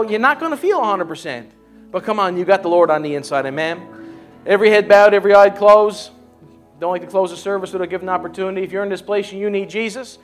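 High-voiced pastor exhorting his congregation. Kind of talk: sermon and altar call. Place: church service.

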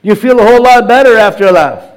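A middle-aged man preaching with a high-pitched voice. He is animated and laughs often, leading the congregation in laughter. He circles back and restarts his phrases as he builds his point. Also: quick pace. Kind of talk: sermon.

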